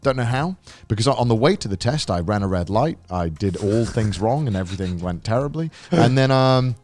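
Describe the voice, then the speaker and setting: A young man tells a story on a podcast, casual and animated. He swears freely and acts out what other people said. His pitch swings widely, and the sound is dry, with no room echo. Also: a little fast. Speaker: podcast co-host.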